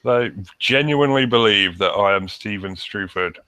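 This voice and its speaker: A man with a British accent, co-hosting a podcast with deadpan, sardonic jokes. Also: lowish voice, moderate pace, smooth, no room sound. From Britain. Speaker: podcast co-host. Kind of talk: casual banter.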